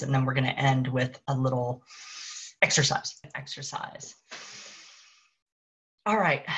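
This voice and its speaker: A woman with a notably low voice talks to her viewers as a parenting coach, earnest and encouraging. She speaks straight to the webcam or phone of a live stream. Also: a bit bright. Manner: earnest, encouraging, slow and soothing in affirmations. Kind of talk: live-stream talk and guided affirmation.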